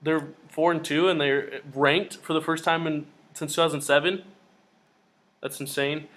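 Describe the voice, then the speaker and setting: Young guy on a football podcast, kinda high voice, gets excited fast. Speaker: podcast co-host. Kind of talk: casual sports chat.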